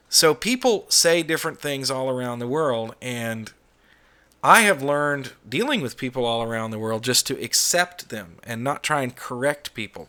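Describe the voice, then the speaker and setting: A man's voice: mid-range voice, pushed and bright. A middle-aged American man hosting a casual monologue vlog, ranting bluntly with some swearing. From United States. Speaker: YouTube channel host.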